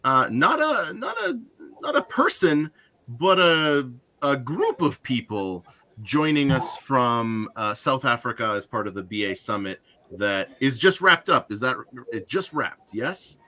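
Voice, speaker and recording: A man's voice: medium pitch, very animated, unhurried, sharp tone. A man hosting an online game show, upbeat and joking, with frequent fillers.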